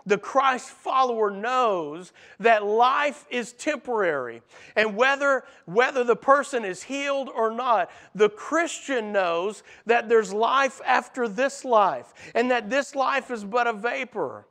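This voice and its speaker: A man preaching a sermon, acting out the voices he quotes and dropping soft and low for emphasis. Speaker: pastor.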